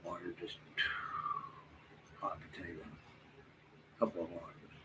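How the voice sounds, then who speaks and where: A tired man talking to viewers in a halting, rambling monologue, full of fillers and restarts, sometimes dropping to a near whisper. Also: low-pitched, flat delivery. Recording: noisy room background.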